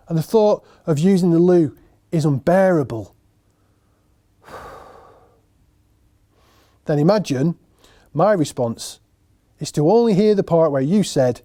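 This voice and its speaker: A man's voice: a little high, warm tone. Wry man in a solo monologue. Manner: wry, sardonic, addresses audience directly. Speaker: writer and performer.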